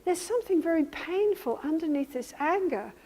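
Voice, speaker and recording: A woman's voice: extremely high pitch, lively intonation, moderate pace, dark tone. A woman therapist giving a workshop lecture, animatedly acting out both partners in a couple's session. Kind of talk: teaching lecture with re-enacted session dialogue. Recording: reverberant hall.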